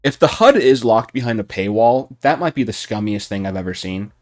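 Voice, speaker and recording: A young man giving unscripted commentary on a video game, heated and profane, with his voice rising toward shouting. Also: fairly low pitch, lively intonation, fairly quick. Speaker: gaming YouTuber.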